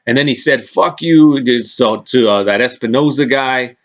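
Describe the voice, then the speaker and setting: A man ranting in a casual vlog, excitable and full of swearing, often restarting his sentences. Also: medium pitch, moderate pace, highs cut off. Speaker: vlogger recapping press conferences. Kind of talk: casual profane rant.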